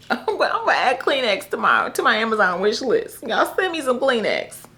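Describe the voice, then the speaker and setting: A young woman vlogging casually about her book picks, animated and laughing often as she talks to viewers. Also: fairly high pitch, brisk. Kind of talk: casual chat to camera.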